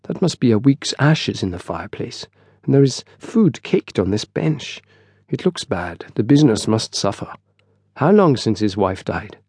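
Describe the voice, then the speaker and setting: A man voicing a fastidious, disapproving foreign master mason in an audiobook. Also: on the low side, sing-song, darkish tone, husky, no room sound, studio quality, full character voice. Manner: disapproving, formal.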